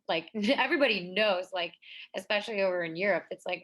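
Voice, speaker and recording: A young woman athlete talking on a discussion panel. Her voice sits at an ordinary middle pitch, and she speaks in a chatty, animated way full of casual fillers. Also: quick pace. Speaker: pro athlete.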